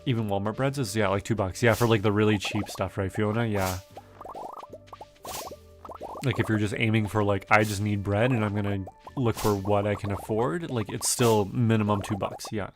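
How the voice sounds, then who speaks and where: A young man from Canada chatting casually with viewers while streaming a farming game, reading and answering chat with lots of fillers. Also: lowish voice.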